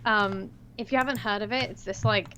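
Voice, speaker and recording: A woman's voice: medium pitch, steady tone, a little fast, sharp tone, a little hiss or hum. A young woman co-hosting a casual livestream who rambles with many fillers and giggles often, heard through slightly muffled call audio. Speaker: co-host.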